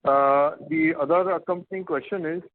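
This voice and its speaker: A man's voice: on the high side, fairly even intonation, moderate pace, no echo. A male analyst with an Indian English accent asking careful, detailed clarifying questions on an earnings call. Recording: dry tinny phone line.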